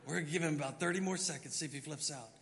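A middle-aged man preaching from the pulpit, telling a story with lively acted-out moments. His voice is fairly high and forceful. The sound rings with the long reverb of a church hall. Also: very fast, vocal fry. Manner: animated storyteller, acts out his own panicked thoughts. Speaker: pastor. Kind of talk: sermon storytelling. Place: church sanctuary.

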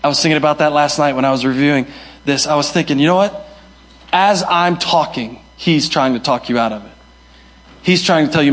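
A man's voice: fairly high pitch, fairly quick, a bit bright. A young male pastor preaching a sermon, emphatic and repeating his key phrases. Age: young adult. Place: church hall.

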